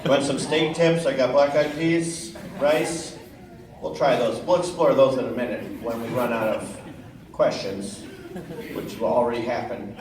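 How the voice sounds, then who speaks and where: A man jokes with a convention crowd, teasing and swearing in a sarcastic, rambling way. His voice sits a little high. It is recorded from across a big echoing hall, with steady noise underneath. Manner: sarcastic, teasing, profane riffing. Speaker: comedic voice actor on a convention panel. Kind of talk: improvised audience banter. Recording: echoey hall, distant mic, noisy.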